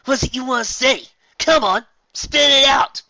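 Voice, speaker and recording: A man's voice: high voice, expressive, brisk, bright, forceful tone, husky, no room sound, recorded from a distance, muffled recording, voice pushed up, full character voice. A man voicing an arrogant young bully colt pony in an audiobook reading, taunting and confrontational. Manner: boastful, confrontational.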